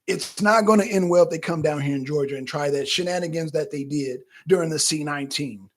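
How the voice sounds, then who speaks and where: Animated high-voiced man, husky. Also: brisk. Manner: animated, profane, chatting directly to viewers. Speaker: political talk show co-host. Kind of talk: casual livestream commentary.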